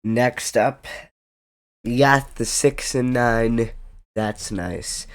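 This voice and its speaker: A man's voice: lowish voice, dry recording. A young man giving casual football predictions, rambling with jokey asides and self-interruptions. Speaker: sports predictions vlogger. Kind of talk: casual football picks commentary.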